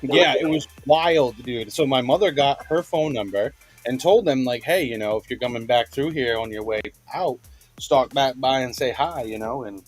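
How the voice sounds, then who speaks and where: A man's voice: mid-range voice, moderate pace, husky, soft background music. A young man, telling a story in casual, profane podcast chat. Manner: profane, laid-back storyteller. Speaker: podcast guest.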